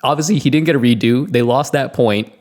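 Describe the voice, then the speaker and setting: A man's voice: medium pitch, fairly quick. A man co-hosting a podcast, telling a story in casual chat, laughing and acting out the voices of the people in it. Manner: animated, laughing, acts out quotes. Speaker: podcast co-host.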